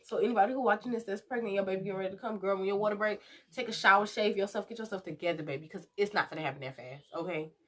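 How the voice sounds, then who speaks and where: A woman's voice: mid-range voice, racing, a bit bright. A young woman telling a personal story in a casual vlog, chatty and talking straight to her viewers. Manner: chatty, addresses viewers directly. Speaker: vlogger.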